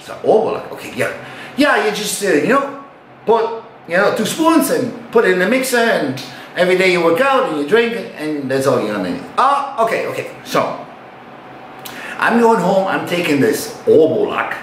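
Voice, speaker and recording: An older man spins a yarn, his pitch leaping up and down as he acts out his own reactions. He sits on the high side for a man and swears freely. The room gives his voice a noticeable echo. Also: big pitch swings, moderate pace, a bit bright, a little hiss or hum. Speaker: retired bodybuilder. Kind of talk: casual storytelling. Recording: roomy echo.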